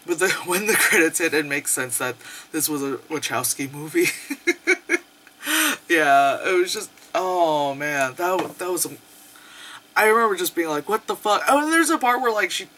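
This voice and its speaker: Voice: medium pitch, lively intonation, moderate pace, sharp tone, slight background noise. A young adult movie reviewer giving a casual, profane, sarcastic rant and laughing often.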